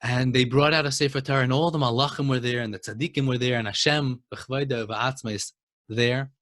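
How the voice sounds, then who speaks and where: A man teaching a Torah lesson and telling a story, speaking emphatically and building to excited exclamations. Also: medium pitch, fairly quick, no echo, studio quality.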